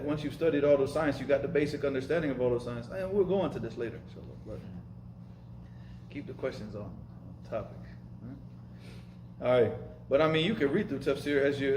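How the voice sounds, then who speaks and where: A man's voice: medium pitch, fast talker, noisy background. Casual, emphatic male teacher in an echoey room. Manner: casual, emphatic, repeats words, Arabic terms mixed in. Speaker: Arabic and Islamic studies teacher. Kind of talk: informal lesson with live questions.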